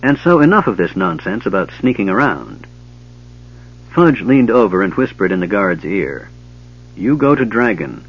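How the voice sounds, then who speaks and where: A man reading a fantasy novel aloud as narrator, with steady storytelling, in a dull lo-fi recording. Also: deep voice, normal speed, slightly rough. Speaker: audiobook narrator.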